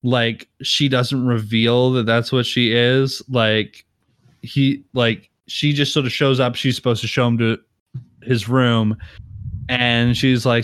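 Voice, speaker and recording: A man chatting casually as a co-host, laughing as he acts out scenes in quick voices. His voice is smooth and clear. The sound is dry and close. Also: mid-range voice, flat delivery, fairly bright tone, dry recording. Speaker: podcast co-host. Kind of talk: casual chat.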